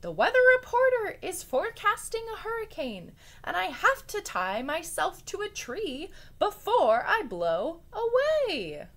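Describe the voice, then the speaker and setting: A clever, scheming male rabbit from a storybook, as a woman reading aloud puts him on. He speaks in high, excited exclamations that swoop widely, and he takes his time over every word. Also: slow pace, exaggerated voice. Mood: alarmed.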